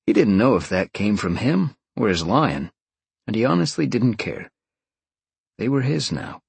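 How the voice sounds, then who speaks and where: A man's voice: fairly low pitch, big pitch swings, unhurried, creaky, breathy edge, no echo. A man reading a fantasy novel aloud as an audiobook narrator, telling the story expressively. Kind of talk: scripted narration.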